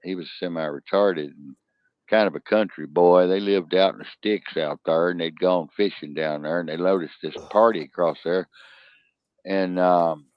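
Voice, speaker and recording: A man telling long rambling stories and jokes in casual chat, jumping into high voices when he quotes people. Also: fairly even intonation, normal speed, no echo. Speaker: co-host. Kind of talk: casual storytelling and joke telling. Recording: dull lo-fi sound.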